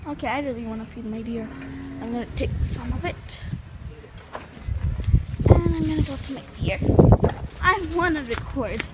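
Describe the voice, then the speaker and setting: A female host giving casual gameplay commentary, chatting and calling out loudly to her pets. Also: sits high, normal speed, pauses often. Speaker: gaming channel host. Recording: clear background noise.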